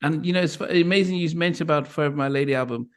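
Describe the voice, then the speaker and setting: Man, podcast host, slightly high voice, halting fillers. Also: smooth. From Liverpool, England. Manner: halting, many restarts and fillers. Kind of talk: casual interview chat.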